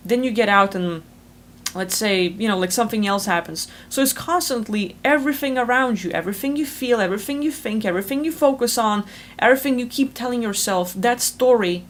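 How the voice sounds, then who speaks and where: A woman hosting a spiritual channel, talking fast and rambling in a casual explanatory monologue full of fillers, recorded over a video call. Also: fairly high pitch.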